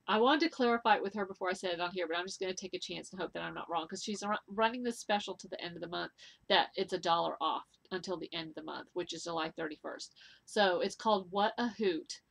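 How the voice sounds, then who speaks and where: A woman's voice: lowish voice, a little fast, creaky, a bit bright. A middle-aged woman hosting a knitting video podcast, chatting to camera in an enthusiastic, gushing way with many ums and laughs. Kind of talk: casual chat to camera.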